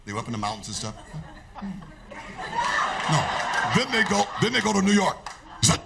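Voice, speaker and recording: A male comedian telling a crude story in an animated, laughing way. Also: sits high, moderate pace, creaky. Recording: noisy live recording.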